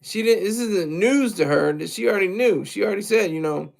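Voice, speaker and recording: Streamer type: man with a high, gravelly voice, crude and mocking, rambling livestream rant. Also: expressive, fairly quick.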